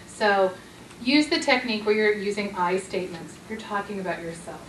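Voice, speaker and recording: A woman therapist leading a conference workshop, talking gently and coaching her audience, now and then acting out sweet, loving lines. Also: medium pitch, moderate pace. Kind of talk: conference talk with role-play. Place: conference room. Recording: echoey conference room from far off, noisy.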